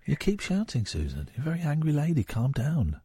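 Guy doing late night radio, teasing and mock-outraged, voice swings all over, slightly high. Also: huge pitch swings, a little fast, mellow. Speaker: radio host. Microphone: studio microphone.

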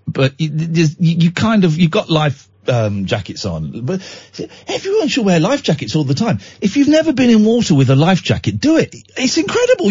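Tired, husky radio host rambling. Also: male voice, medium pitch, a little mellow, dry recording, highs cut off. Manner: rambling, self-mocking, with restarts and voiced impressions. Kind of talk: casual storytelling on talk radio. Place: radio studio.

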